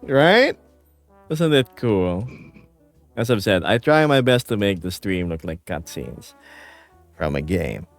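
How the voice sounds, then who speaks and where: Speaking from home on a live stream, a Filipino man with a light accent chats playfully, rambles and reads the chat aloud. His fairly low voice is very animated but slow, with long pauses, and faint music plays behind him.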